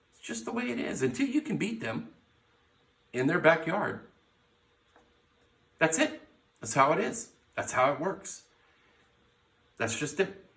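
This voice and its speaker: A man's voice: fairly high pitch, fairly bright tone. Brash man hosting a garage sports show. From United States. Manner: brash, blunt, swears freely, jumps between teams. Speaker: sports podcast host. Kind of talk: casual sports commentary. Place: his garage. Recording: echoey garage, mic at a distance.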